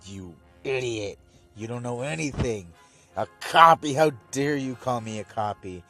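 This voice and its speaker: A man's voice: on the low side, lively intonation, slow, faint music behind. A man voicing a smug, sinister male villain, gloating and taunting. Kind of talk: casual episode recap with voiced quotes.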